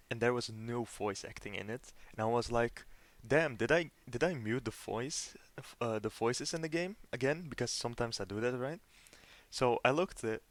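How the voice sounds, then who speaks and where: A man's voice: medium pitch, dry recording. A young man rambling in a casual gaming commentary, an earnest and disappointed fan who keeps asking "right?" and often restarts his sentences. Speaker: gaming video host.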